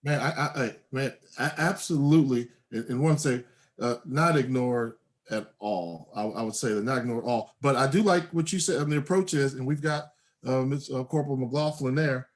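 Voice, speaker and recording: A man co-hosting an online community meeting as a state delegate, talking in halting bursts with many restarts, over a video call. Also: mid-range voice.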